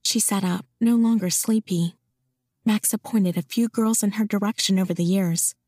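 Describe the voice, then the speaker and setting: A woman narrating a romance novel in an even, intimate storytelling voice. She sits in the middle range for a woman, recorded close and dry with no room sound. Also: mid-range voice, moderate pace, no room sound. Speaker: audiobook narrator.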